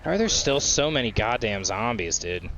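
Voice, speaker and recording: A young man giving live gameplay commentary, excitable, swearing often and shouting at the game. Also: mid-range voice, moderate pace, muffled recording, slight background noise. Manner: mocking sing-song voice when quoting the game. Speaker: gaming streamer.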